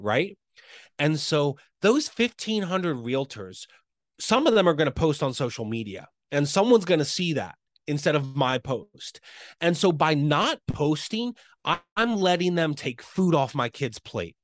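Earnest male podcast guest, quick and eager, a touch high-pitched, recorded dry. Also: dry recording. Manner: earnest, fast, enthusiastic talker with frequent "right?" tags. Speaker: real estate coach and realtor.

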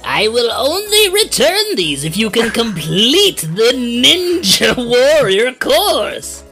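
A game master voicing an excitable masked male robber who issues challenges in a raised, showy voice. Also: mid-range voice, slow, faint music behind, pitched above the performer's own voice, full character voice. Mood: taunting.

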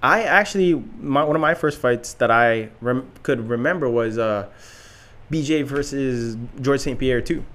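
A man in casual podcast chat, telling stories in a relaxed way and filling pauses with "like.". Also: mid-range voice. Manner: relaxed storytelling, frequent "like" fillers, laughs between lines.

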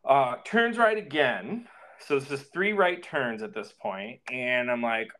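A man on a podcast, telling a personal story in a casual, animated way, swearing freely and acting out the dialogue. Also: fairly high pitch, measured pace, few pauses.

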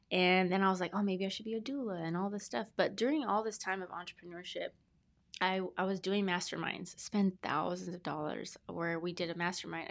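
A woman in her thirties, a podcast guest telling her story in a talkative, rambling, earnest way. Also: on the low side. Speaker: podcast guest, brand specialist. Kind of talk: casual interview storytelling.

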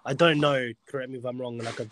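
A man's voice: mid-range voice, fairly even intonation, quick pace, a bit bright, a little hiss or hum. A man speaking as a panelist in a casual podcast chat, tentative and hedging his points.

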